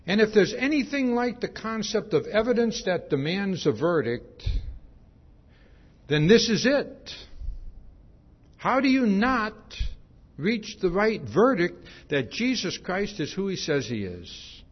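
A man's voice: high-pitched, big pitch swings, slow, husky. A man preaching a verse-by-verse sermon, often ending points with "see?" and restarting his phrases. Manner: frequent "see?" tags, repetitions and restarts. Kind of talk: expository sermon. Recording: dull lo-fi recording.

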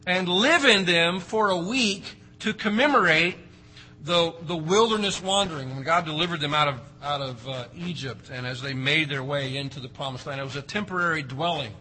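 Man preaching with bright, animated emphasis. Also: high voice, a little hiss or hum, poor audio. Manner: animated, swings between loud emphasis and quiet asides. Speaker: pastor. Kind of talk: sermon.

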